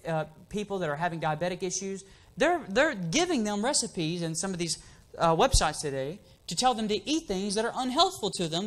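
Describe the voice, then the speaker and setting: A man's voice: high voice, a bit bright. A man preaching an emphatic sermon in a church, asking the congregation for amens.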